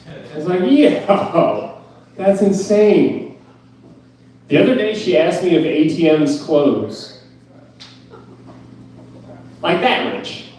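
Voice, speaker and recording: A young male comic ranting in a profane, disbelieving, self-mocking way about his life. His voice sits a bit high and has a mellow, soft edge. The sound is roomy and echoey, as if picked up from across a small club. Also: animated, takes it slowly, long pauses, far from the mic. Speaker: stand-up comedian. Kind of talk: stand-up set at an open mic. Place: club stage.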